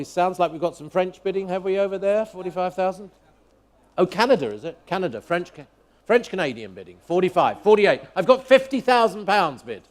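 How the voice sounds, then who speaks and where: A man working as an auctioneer, calling bids live in a brisk, rhythmic chant, repeating each figure as he asks for the next. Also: high-pitched, fairly bright tone. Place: auction hall at a motor museum.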